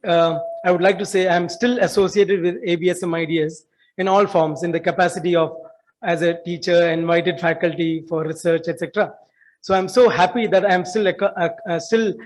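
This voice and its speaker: A man in his forties with an Indian English accent, giving an earnest welcome speech in an auditorium, halting with fillers and restarts. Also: sits high, poor audio. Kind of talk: formal welcome speech at an alumni meet.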